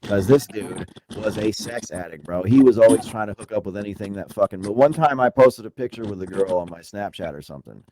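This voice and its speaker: A man guesting on a podcast, telling a story in casual, profane slang and getting animated when he retells exchanges. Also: on the low side, fairly quick, few pauses, slight background noise. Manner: profane, slangy, says dude and bro a lot.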